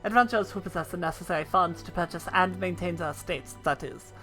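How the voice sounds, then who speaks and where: A woman's voice: lowish voice, fast talker, a bit bright, soft background music, lightly acted. A woman reading the lines of a formal game official who speaks in stiff, official phrasing. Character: formal official explaining a land auction.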